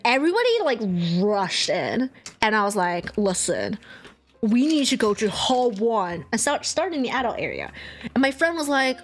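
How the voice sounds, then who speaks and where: A young woman streamer chatting casually, telling a story with animated swearing and acted-out quotes. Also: on the high side. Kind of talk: casual chat.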